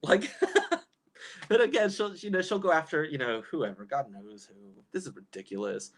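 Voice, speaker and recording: Chatty animated young man livestreaming. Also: fairly high pitch, normal speed. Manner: chatty, animated, lots of fillers and restarts. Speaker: YouTube commentary host. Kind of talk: casual livestream commentary, reading chat.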